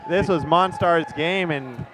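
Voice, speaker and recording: Excitable sports commentator, man. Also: a little high, slow, background noise. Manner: jokey, excitable play-by-play.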